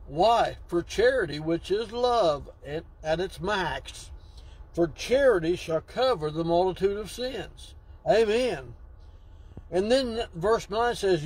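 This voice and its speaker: A man's voice: high-pitched, darkish tone, breathy edge, rough recording. A man preaching a sermon, exclaiming and drawing out key words for emphasis.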